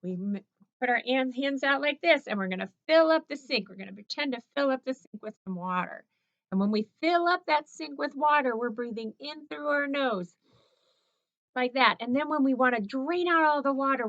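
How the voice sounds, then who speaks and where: A woman's voice: high-pitched, expressive, moderate pace, a bit bright, dry recording. A woman teacher leading children through a morning routine in an encouraging, sing-song, playful way. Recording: slightly dull lo-fi recording.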